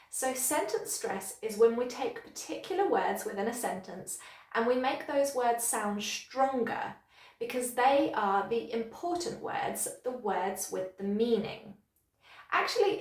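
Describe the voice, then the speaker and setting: Woman, English teacher, higher voice, clear and encouraging, echoey room. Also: lively intonation, a little slow. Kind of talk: online pronunciation lesson.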